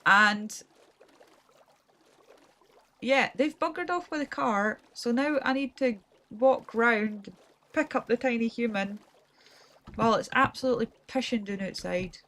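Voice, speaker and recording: This gaming streamer from Scotland has a fairly high, slightly bright voice and a measured pace with frequent pauses. She comments on her play in a casual, rambling, self-deprecating way.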